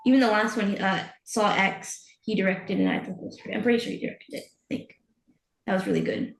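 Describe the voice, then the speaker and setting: A woman chatting on a podcast in a loose, giggly way. Her voice carries a gravelly fry. The sound is roomy and echoey. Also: mid-range voice, fairly even intonation, brisk. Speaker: guest filmmaker. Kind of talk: casual podcast chat.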